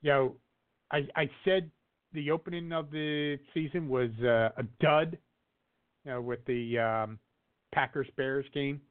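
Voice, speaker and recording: A man's voice: on the high side, steady tone, a little slow, clear, resonant tone. Man chatting sports, tinny phone-like sound. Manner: rambling, many fillers and restarts. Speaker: podcast co-host. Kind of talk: casual sports chat.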